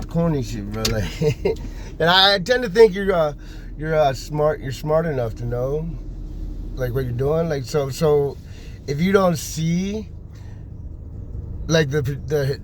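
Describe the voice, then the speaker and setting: A man's voice: on the high side, a little hiss or hum. A man giving a blunt, rambling rant full of swearing and restarts, calling someone out in a vlog commentary.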